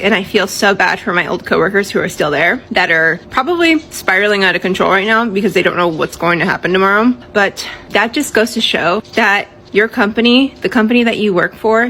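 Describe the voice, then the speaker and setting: A woman's voice: mid-range voice, fairly bright tone, a little hiss or hum, rough recording. Frank, indignant woman vlogger. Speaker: laid-off worker. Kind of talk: casual vlog commentary.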